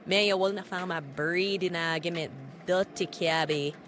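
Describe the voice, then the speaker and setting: An actor voicing a sharp-tongued young Jamaican woman who snaps heated taunts at her cab driver in an animated cartoon. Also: on the low side, moderate pace, soft background music, close to an everyday voice. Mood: accusing. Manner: scolding, heated patois taunts.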